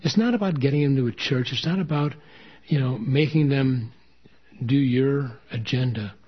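Husky man leading an earnest prayer. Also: mid-range voice, moderate pace. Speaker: pastor. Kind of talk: sermon and closing prayer. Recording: dull lo-fi recording.

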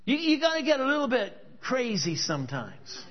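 A male preacher delivers a church sermon in an extremely high voice with huge pitch swings at a normal speed. He tells stories and presses the congregation with emphatic rhetorical questions. The recording is dull and lo-fi.

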